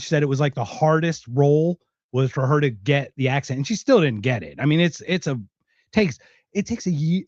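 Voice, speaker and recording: A man's voice: mid-range voice, darkish tone, breathy edge, dry recording, lo-fi sound. A man from Philadelphia with a faint Philadelphia accent, hosting a podcast in a rambling, chatty way. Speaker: podcast host. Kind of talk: casual chat.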